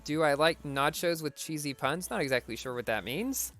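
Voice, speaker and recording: A man's voice: on the high side, animated, moderate pace, fairly bright tone, soft background music. A man streaming a racing game, reading viewer questions aloud and answering them briefly in a casual tone.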